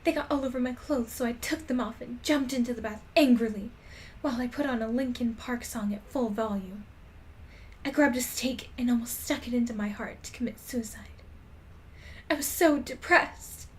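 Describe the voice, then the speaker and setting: A woman's voice: on the high side, brisk, darkish tone, a little hiss or hum. Amused woman reading aloud. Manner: amused, often breaks into laughter. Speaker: streamer. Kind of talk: reading a fan story aloud with commentary.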